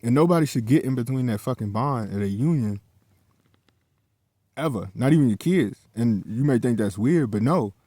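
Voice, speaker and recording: A man's voice: medium pitch, lively intonation, moderate pace, dark tone, slightly rough, no room sound. A man telling a personal story in a casual, heated monologue, swearing often and repeating himself as he goes.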